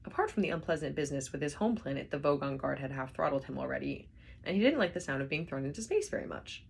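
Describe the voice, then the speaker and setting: A woman reading a novel aloud with expressive storybook narration. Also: low-pitched, fast, gravelly, slight background noise. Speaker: reader.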